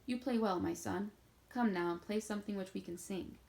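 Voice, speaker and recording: A woman's voice: mid-range voice, a little fast, creaky, a little mellow, natural voice. A woman reading a storybook who voices a hearty, fatherly schoolmaster praising a boy. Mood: approving. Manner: hearty, emphatic.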